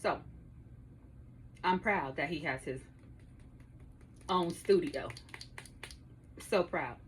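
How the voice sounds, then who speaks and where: A woman's voice: deep voice, extremely slow, slight background noise. A woman in her thirties hosting her own podcast, telling a story to her listeners in a casual, profane way and laughing often, recorded in her home studio. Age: 30s. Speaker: podcast host.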